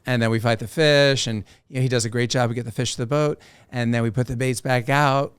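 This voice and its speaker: A man's smooth, clear voice sits at a middle pitch, recorded close and dry. He tells fishing stories casually and with energy. He slips into little voices for the people he quotes. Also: fast talker, no room sound. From South Florida. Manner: animated storyteller who acts out quoted voices. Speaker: professional angler and TV host, podcast guest. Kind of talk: casual storytelling.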